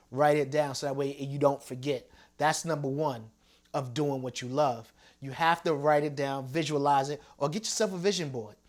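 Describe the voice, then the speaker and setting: A male radio host giving a motivational talk, stressing and repeating each point like a coach. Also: a little high.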